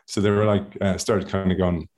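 A lively Irish man, a former rugby player appearing as a podcast guest, tells stories casually in a low voice at a moderate pace. He laughs often and acts out other people's voices.

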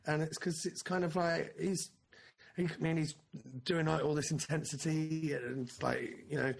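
A man's voice: a little high, little pitch movement, normal speed, creaky. A man co-hosting a podcast in casual film chat, rambling and interrupting himself, now and then swearing. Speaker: podcast co-host.

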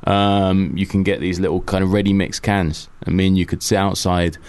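A man's voice: low voice, fairly even intonation, normal speed, darkish tone. A man co-hosting a radio show in casual banter, sweary and sardonic, rambling through his jokes. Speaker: radio co-host. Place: radio studio.

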